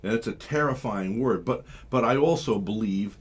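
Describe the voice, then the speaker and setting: A man's voice: lowish voice, moderate pace, husky. A man from the United States hosting a live radio talk show, rambling and slipping into mimicked voices.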